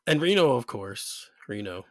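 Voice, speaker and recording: A man's voice: medium pitch, big pitch swings, a little slow, no echo, clean studio sound. A man co-hosting a casual podcast, laid-back and rambling, laughing often. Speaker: podcast co-host.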